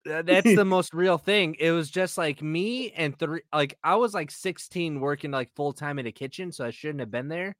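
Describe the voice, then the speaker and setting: Speaking at a normal speed with few pauses, this comic creator, a podcast guest, has a voice on the high side. In casual chat he tells stories with animation, performing the quoted lines himself, recorded clean in a studio with no echo.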